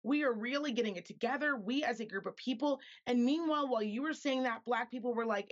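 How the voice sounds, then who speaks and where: A woman's voice: on the high side, quick pace, hardly any pauses, dull audio. A woman from Reno speaking as a podcast guest in an earnest, impassioned way, repeating points for emphasis. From Reno, Nevada, US. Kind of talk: earnest conversation.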